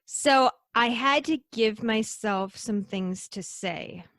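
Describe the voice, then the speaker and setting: A woman's voice: fairly high pitch, takes it slowly, fairly bright tone, no room sound, studio quality. A woman speaking as a guest in an interview, emphatic and repeating her key phrases for force. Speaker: podcast guest. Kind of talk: conversational interview.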